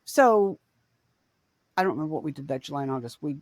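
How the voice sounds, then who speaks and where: Her voice is deep and animated, moving at a quick pace over crowd noise. This podcast co-host, a woman in her forties, tells a family story casually, wandering off track and correcting herself as she goes.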